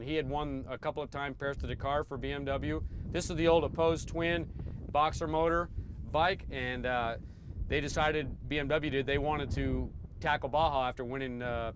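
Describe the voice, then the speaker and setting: A middle-aged former motorcycle racer telling stories in a relaxed, rambling way, often repeating his first words. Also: mid-range voice, normal speed, noisy background. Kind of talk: casual storytelling interview.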